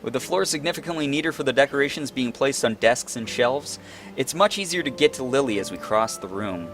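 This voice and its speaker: A man's voice: medium pitch, animated, fairly quick. A young man reading a visual novel aloud and adding playful, joking commentary, over faint guitar music. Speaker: let's play host.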